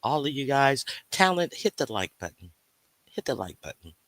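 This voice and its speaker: A man's voice: mid-range voice, big pitch swings, moderate pace, a bit bright, no room sound. A man hosting a casual livestream, teasing the chat, reading out viewer names and breaking into snatches of song. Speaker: livestream host.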